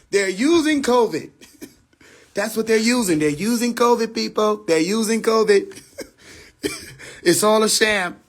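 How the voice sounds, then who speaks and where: A man rants casually on a livestream, swearing freely and laughing through his points. His voice sits high for a man. It sounds picked up on a phone. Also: takes it slowly, pauses often. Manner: profane, laughs often, animated. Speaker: livestream host.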